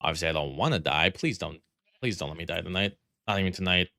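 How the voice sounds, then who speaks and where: A man's voice: low voice, fast talker, creaky, pushed and bright, no echo, clean studio sound. A man live streaming a game, chatting casually with viewers in a rambling, playful way with lots of fillers.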